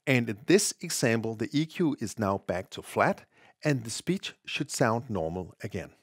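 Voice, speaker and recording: A man presenting a scripted technical tutorial, explaining things in a measured, precise way. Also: on the low side, sing-song, husky, dry recording, clean studio sound.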